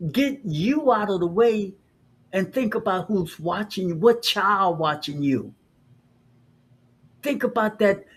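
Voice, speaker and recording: Man, husky voice, slightly high, earnest, preachy, rambling motivational talk. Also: a little mellow. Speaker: podcast co-host.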